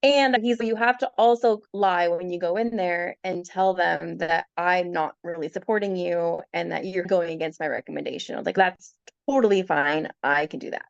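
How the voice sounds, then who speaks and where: A woman guest on a podcast, telling her birth story in a casual, animated way, laughing often and acting out what others said. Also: fairly low pitch, normal speed, creaky, dry recording, muffled recording.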